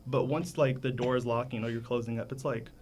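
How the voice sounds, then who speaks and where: A man's voice: mid-range voice, fairly even intonation, brisk, darkish tone, slight background noise. Laid-back young man hosting a chat. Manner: laid-back, acts out voices, laughs easily. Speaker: host. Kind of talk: casual group chat.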